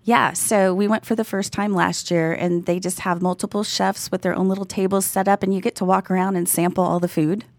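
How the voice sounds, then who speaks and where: Raspy Texan woman chatting. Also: medium pitch, flat delivery, brisk, hardly any pauses, darkish tone, no echo. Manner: chatty storyteller, laughs often. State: raspy from recent illness. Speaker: podcast co-host. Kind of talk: casual chat.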